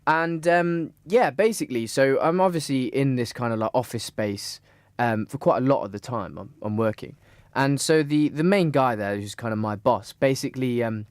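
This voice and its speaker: Young male podcast co-host, middle pitch, dry close sound, rambling casual storyteller full of "um"s and restarts. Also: normal speed, dry recording. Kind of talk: casual chat.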